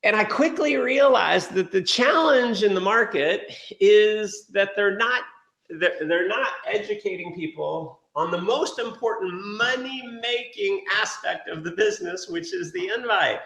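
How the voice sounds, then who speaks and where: A man giving an energetic sales training talk, telling stories and acting out quotes. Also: high voice, unhurried, creaky, roomy sound. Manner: energetic storytelling with acted quotes. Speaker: motivational speaker.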